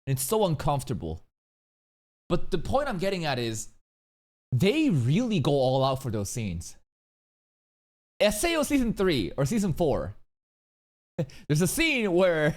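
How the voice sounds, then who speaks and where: A man streaming a casual reaction to a video, crude and excitable, stammering and laughing as he talks. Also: a little high, unhurried, long pauses.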